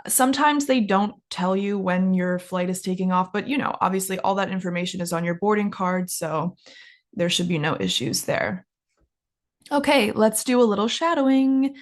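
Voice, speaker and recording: A woman's voice: mid-range voice, expressive, moderate pace. A woman teaching an English lesson, enunciating carefully and exaggerating rising and falling intonation so learners can copy it. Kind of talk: English lesson with shadowing practice.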